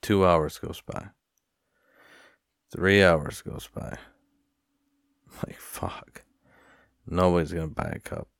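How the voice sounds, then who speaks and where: A man's voice: deep voice, slow pace, vocal fry, pauses often, dry recording, clean studio sound. A man telling a rambling, profane story in a casual rant, sighing now and then. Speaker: vlogger.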